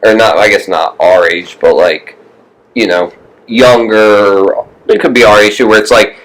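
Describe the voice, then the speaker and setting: A man's voice: on the low side, fairly even intonation, a little slow, a bit bright, poor audio. A young man co-hosting a podcast in casual, rambling chat, swearing often and mimicking others in a raised voice. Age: young adult. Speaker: podcast co-host.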